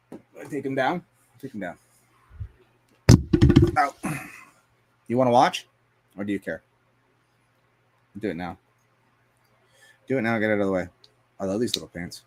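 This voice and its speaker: A man live streaming as he paints, rambling to himself and his chat in a casual, profane way. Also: lowish voice. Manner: rambling, talks to himself and chat, swears often.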